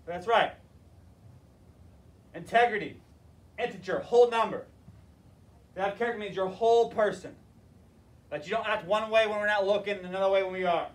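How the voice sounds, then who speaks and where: A male teacher giving a classroom lecture on leadership and telling stories in an animated, emphatic way. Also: sits high, normal speed, pauses often. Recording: roomy, distant mic, faint noise.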